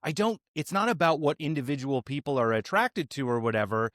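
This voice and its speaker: A man hosting a casual podcast chat, blunt and relaxed, swearing offhandedly. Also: medium pitch, fairly quick, no room sound, studio quality. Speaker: podcast host.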